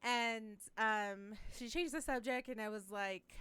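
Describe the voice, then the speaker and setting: A woman's voice: a little high, unhurried, clear, resonant tone, no room sound. A young adult woman co-hosting a casual chat, telling stories with lots of laughter and swearing. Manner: animated, laughing, swearing storyteller. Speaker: podcast co-host. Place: room with co-hosts watching TV.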